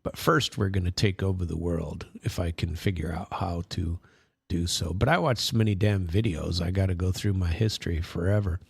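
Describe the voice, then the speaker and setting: A man's voice: low-pitched, normal speed, vocal fry, slightly rough, no room sound, clean studio sound. A man hosting casual political commentary, rambling with sarcastic asides. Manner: rambling, many fillers and restarts, sarcastic asides. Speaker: host.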